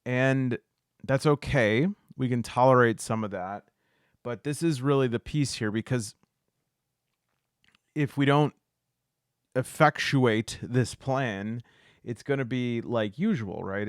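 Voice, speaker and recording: A man talking casually to camera about solo tabletop games, animated and rambling, with many fillers and restarts and acted-out asides. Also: medium pitch, slow, smooth, no room sound, clean studio sound. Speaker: solo tabletop game video host.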